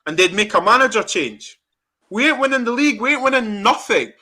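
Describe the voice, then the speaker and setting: A young fan channel host rants furiously in a football reaction chat, swearing often and staying animated. His high voice swings widely in pitch, with a bright, forceful tone and a brisk delivery.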